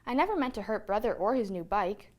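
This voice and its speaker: A woman voicing a kind, eager young boy bear cub in a storybook reading, high and earnest. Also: lively intonation, quick pace, darkish tone, natural voice.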